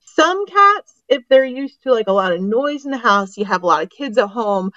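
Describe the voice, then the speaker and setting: A woman's voice: a little high, expressive, moderate pace, bright, forceful tone, no room sound, dull audio. A woman veterinarian guest on a podcast, explaining and giving advice informally. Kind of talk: casual interview chat.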